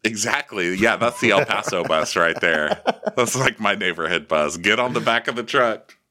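A man co-hosting a podcast, casually recapping a reality show with jokes and squeaky impressions. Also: normal speed, sharp tone. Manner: jokey, does high squeaky impressions. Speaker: podcast co-host.

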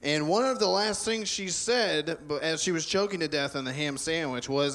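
Man, fairly high voice, bombastic ranting, mock-serious comic debate. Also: normal speed, few pauses, a bit bright. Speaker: debater in a comedy show.

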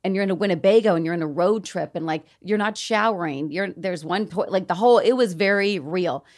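This middle-aged Atlanta woman, speaking with a Southern accent in a fairly low voice and a little fast, is a guest in a casual interview. She tells stories animatedly, laughing as she acts out quotes.

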